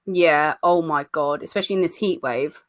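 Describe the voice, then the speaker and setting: A woman's voice: low-pitched, normal speed. A young woman, co-hosting a podcast in casual chat and telling stories with acted-out quotes. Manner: lively storyteller, acts out quoted voices. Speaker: podcast co-host.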